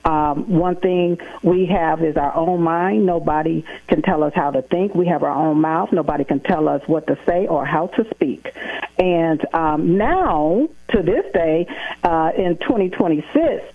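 A woman with a low voice, heard over a narrow, tinny phone-like line. She talks emphatically and builds her points in rhythmic, repeated lists. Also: a little slow. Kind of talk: casual conversation.

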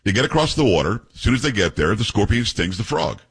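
A man's voice: fairly low pitch, sing-song, fast talker, fairly bright tone, breathy edge. A man hosting a talk radio show, telling stories emphatically and firing off rhetorical questions. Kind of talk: opinionated talk radio monologue.

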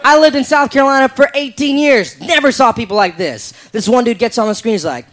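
A man doing a stand-up comedy routine, telling a story in an incredulous, animated way. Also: extremely high pitch, brisk, few pauses.

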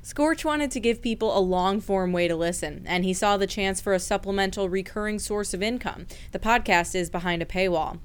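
A woman radio reporter reading a scripted news feature. Her voice is smooth and resonant, and her delivery is measured and even. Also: mid-range voice.

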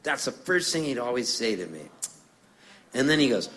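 Middle-aged canadian guy on stage, jokey stories between songs, lively ups and downs. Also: mid-range voice, moderate pace, long pauses. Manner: animated, jokey, acts out voices. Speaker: musician telling stories on stage.

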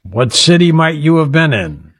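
A man's voice: on the high side, big pitch swings, normal speed, a bit bright, slightly rough, no room sound, clean studio sound. A man hosting a radio talk show, teasingly quizzing a mystery guest. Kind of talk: playful radio interview.

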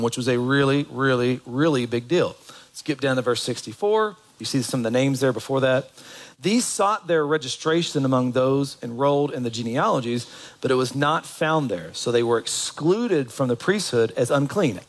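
A man's voice: medium pitch, poor audio. A man preaching a sermon as pastor, in a conversational way that asks the congregation questions.

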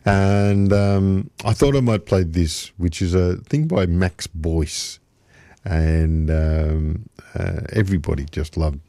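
A male radio host chats casually through his show in a very low, warm, mellow voice, unhurried and meandering. The studio sound is dry and close, with no echo.

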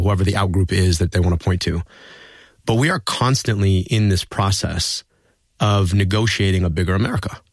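A man's voice: lowish voice, no echo. A man, a political guest in an interview, telling personal stories in an earnest, reflective way. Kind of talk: conversational interview storytelling.

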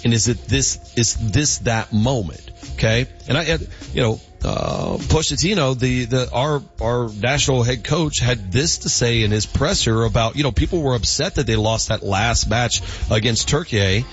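A man hosting a casual sports talk radio show, rambling and animated with many fillers and restarts. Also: medium pitch, normal speed, hardly any pauses, soft background music. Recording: dull lo-fi broadcast audio.

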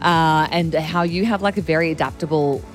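A woman's voice: low-pitched, moderate pace, music in the background. A woman with an Australian accent, co-hosting a radio show and chatting casually with plenty of fillers. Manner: chatty, giggly, lots of fillers. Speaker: radio host. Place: radio studio.

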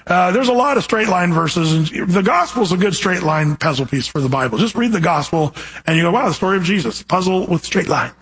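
A male pastor giving a verse-by-verse sermon. He reads scripture slowly and deliberately, then turns to address the congregation in a direct, animated way. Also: sits high, breathy edge, rough recording.

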